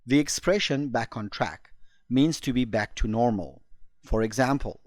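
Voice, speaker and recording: A man presenting an English lesson for learners, explaining phrases slowly and clearly. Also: mid-range voice, dry recording, clean studio sound. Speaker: English teacher. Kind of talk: scripted lesson narration.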